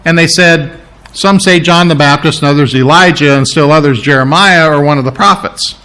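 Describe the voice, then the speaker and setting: Man, pastor, conversational sermon, slightly high voice, self-correcting. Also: normal speed, pushed and bright, clear, resonant tone.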